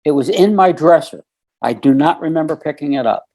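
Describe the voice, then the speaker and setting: Mellow-voiced middle-aged man telling a story. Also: a little high, lively intonation, brisk. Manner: earnest, recounts conversations step by step; fills with "you know" and "um". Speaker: podcast guest. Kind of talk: casual storytelling.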